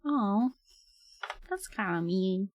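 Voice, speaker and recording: Slow, chatty young woman streamer. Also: mid-range voice, lively intonation, no room sound. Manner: chatty and giggly, reading chat aloud. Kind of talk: casual chat while drawing on stream.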